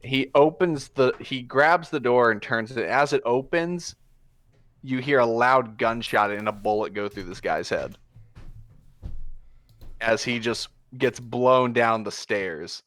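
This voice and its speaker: A man's voice: medium pitch, takes it slowly, a bit bright, dry recording. A man narrating a tabletop game as game master, casual and profane with plenty of fillers.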